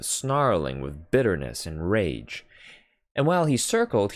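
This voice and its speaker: A deep-voiced man reading a classic novel aloud at an unhurried pace. His measured reading swings widely in pitch to bring out the drama. The recording is dry and close, with no room sound. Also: dry recording. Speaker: audiobook reader. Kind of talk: unhurried literary narration.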